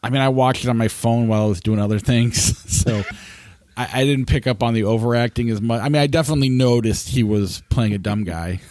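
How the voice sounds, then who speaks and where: A man co-hosting a movie review podcast, talking in a relaxed, easygoing way. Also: mid-range voice, brisk, no room sound. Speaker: podcast co-host. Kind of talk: casual movie review chat.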